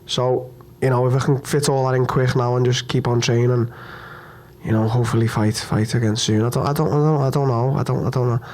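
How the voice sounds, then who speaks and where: A man's voice: mid-range voice, steady tone, a little mellow. A young man, answering questions at a post-fight press conference, upset and hurt after a loss, blunt, stumbling over his words and swearing. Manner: blunt, repetitive, swearing, halting restarts.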